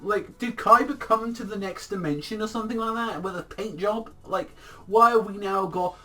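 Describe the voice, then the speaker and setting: A man giving a casual, rambling episode review, excitable and swearing constantly. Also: high voice, normal speed, faint music behind. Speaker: anime reviewer.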